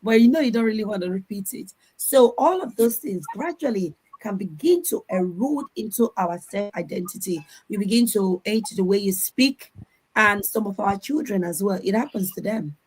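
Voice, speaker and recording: A woman's voice: medium pitch, expressive, moderate pace, a little mellow, breathy edge, poor audio. Earnest woman giving advice. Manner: earnest, advising, repeats words while finding them. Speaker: conference panelist. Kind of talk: advice talk on an online panel. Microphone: video call.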